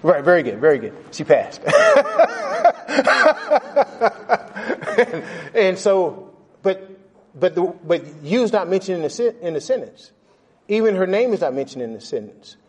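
A man's voice: on the high side, big pitch swings, moderate pace, a little mellow, husky. Folksy Bible teacher, a man with a raised voice. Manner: plain, folksy, repeats phrases for stress. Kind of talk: conversational sermon with class questions.

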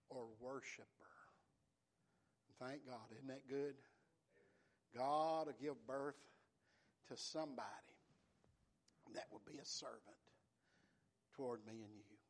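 A man, preaching a sermon as a folksy storyteller who swings from hushed to loud. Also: medium pitch.

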